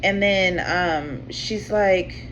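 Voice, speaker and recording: Extremely slow and on the low side, a tarot channel host rambles through a casual story, swearing freely and filling it with "like" and "you know what I'm saying." The recording is very noisy, slightly dull, and has faint room ambience.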